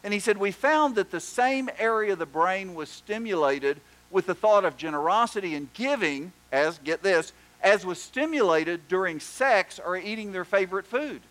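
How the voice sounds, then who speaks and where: A pastor preaching a sermon, telling stories and doing animated voices for the people in them. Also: male voice, sits high, moderate pace, hardly any pauses, poor audio. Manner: storytelling, animated joke voices.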